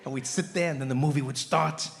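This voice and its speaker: A man doing stand-up comedy, telling animated stories and jumping into character voices. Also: mid-range voice, quick pace, gravelly, long reverb tail, slight background noise.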